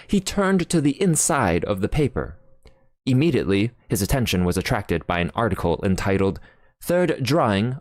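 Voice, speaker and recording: A woman narrating an audiobook in an expressive, theatrical reading style. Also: extremely low pitch, no room sound, studio quality.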